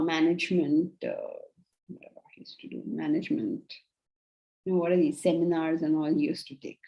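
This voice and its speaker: A woman giving a spiritual lecture, earnest and animated, acting out the inner voices she quotes. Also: fairly low pitch, rough recording. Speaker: Vedanta teacher.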